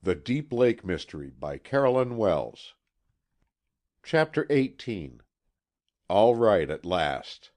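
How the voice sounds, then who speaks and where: A man reading a classic mystery novel aloud as an audiobook narrator, measured and expressive. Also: lowish voice. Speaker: audiobook reader.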